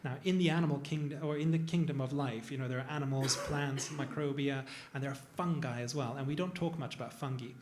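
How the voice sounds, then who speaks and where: A man's voice: medium pitch, fairly even intonation, fast, few pauses, background noise. A man, a plastic surgeon, talking casually on a panel to a live audience, digressive and self-deprecating. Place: event room with an audience.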